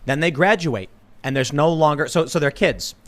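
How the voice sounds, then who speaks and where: A man hosting a casual panel discussion, telling stories in an animated way and often restarting his sentences. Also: a little high, moderate pace. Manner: animated storytelling with repeated restarts. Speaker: host.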